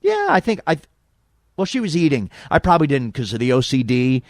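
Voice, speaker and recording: A man telling a long story on a podcast, animated and acting out the people he quotes. His voice is mid-pitched and recorded dry and close, with no room sound. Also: fairly quick, dry recording. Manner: animated anecdote teller, acts out quotes. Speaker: radio host and impressionist. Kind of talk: casual storytelling chat.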